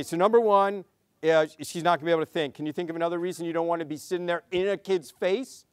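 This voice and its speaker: A man, a pediatrician, giving a conference talk, telling clinic stories and acting out the dialogue in a lively way. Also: high voice, clear, resonant tone, no echo. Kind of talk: conference lecture.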